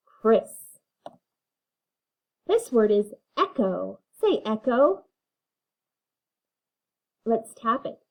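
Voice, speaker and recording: A woman's voice: on the high side, big pitch swings, very slow, vocal fry, long pauses, a little mellow. A woman teaching a phonics lesson, reading words and having learners repeat them patiently. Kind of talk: phonics lesson, slow and clear.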